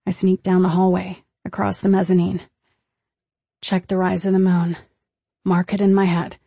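A woman narrating a first-person audiobook in a measured, tense storytelling manner. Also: fairly low pitch, completely flat delivery, vocal fry, dark tone, husky, dry recording.

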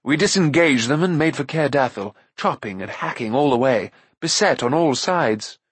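A man voicing a boastful, excitable male bard who tells a swaggering battle tale in an audiobook. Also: mid-range voice, moderate pace, breathy edge, no room sound, pitched above the performer's own voice. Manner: swaggering, dramatic storytelling.

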